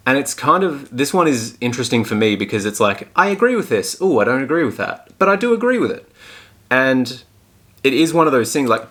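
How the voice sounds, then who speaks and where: A man's voice: medium pitch, fairly bright tone. A young man hosting a solo podcast, talking bluntly and frankly and swearing often. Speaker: podcast host and fitness coach. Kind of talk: casual solo podcast talk.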